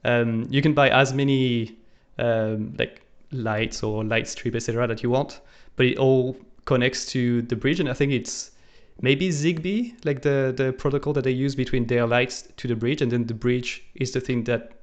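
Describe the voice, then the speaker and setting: A man co-hosting a live stream talks through code at his desk in a casual walkthrough, thinking aloud as he types and using lots of fillers. His voice is medium-pitched with fairly even intonation at a moderate pace. Keyboard typing and clicking are audible in the background.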